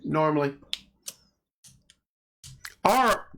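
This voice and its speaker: A man's voice: medium pitch, big pitch swings, unhurried, long pauses, a bit bright, a little hiss or hum. A man hosting a casual home livestream, rambling through stories and greeting viewers by name. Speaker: livestream host. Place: home room at night.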